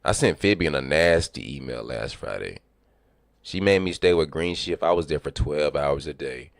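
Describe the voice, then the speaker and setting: A man livestreaming, telling animated, profane stories about work and acting out what people said. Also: very deep voice, moderate pace, creaky, dry recording. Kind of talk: casual storytelling chat.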